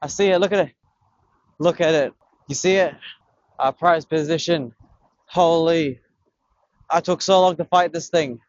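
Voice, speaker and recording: A young man, excitedly filming himself fishing on a beach, swearing and talking in slang. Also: on the high side, unhurried, pauses often, dry recording, muffled recording. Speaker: vlogger. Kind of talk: casual fishing vlog commentary. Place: outdoors on a beach by the water. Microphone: camera on a tripod.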